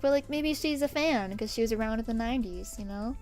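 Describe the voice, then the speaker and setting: Chatty woman streamer, slightly high voice. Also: level tone, fast talker, hardly any pauses, soft background music. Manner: chatty, self-mocking, laughs often. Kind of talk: casual storytime while drawing.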